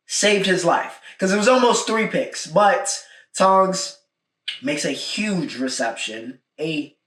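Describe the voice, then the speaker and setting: On his solo sports recap, a young male podcaster is casual and emphatic, driving points home again and again with "all right?" His slightly high voice has a fairly bright tone, and the echoey room and far-off mic give it a roomy sound.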